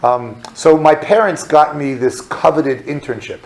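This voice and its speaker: A man in his thirties from the American South, a rabbi telling a personal story to an audience, animated and acting out dialogue in different voices. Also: on the high side, unhurried, poor audio. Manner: animated, acts out dialogue in voices, many fillers. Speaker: rabbi giving a talk.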